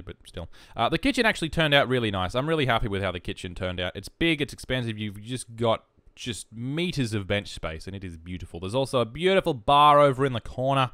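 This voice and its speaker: A man's voice: fairly low pitch, fairly bright tone, no echo, clean studio sound. A man with an Australian accent rambling in casual, jokey, self-mocking commentary over a video game. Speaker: gaming YouTuber. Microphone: headphones and desk mic.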